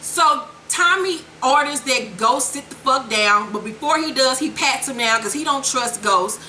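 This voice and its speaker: A woman's voice: sits high, moderate pace, bright, forceful tone. A woman giving a brash, sassy, profane recap of a TV episode, recorded in an echoey room with faint hiss. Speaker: TV recap vlogger.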